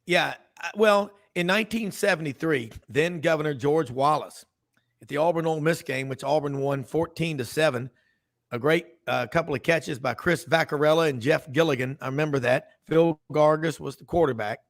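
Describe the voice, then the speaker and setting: A man's voice: a little high, normal speed. A man hosting a sports radio talk show, telling rambling stories full of asides and restarts.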